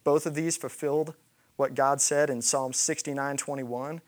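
A man's voice: medium pitch, steady tone, moderate pace. A man preaching a sermon, retelling a scripture story and acting out the quoted lines. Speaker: pastor.

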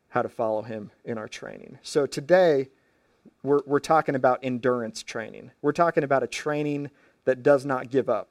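A man's voice: medium pitch, no room sound, clean studio sound. A man preaching a sermon as pastor, retelling stories in casual everyday phrasing with frequent restarts.

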